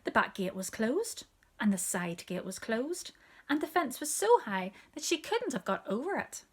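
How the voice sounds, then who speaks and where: A woman reading a children's story aloud, expressive and dropping to a hushed whisper for asides. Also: a little high, normal speed, breathy edge.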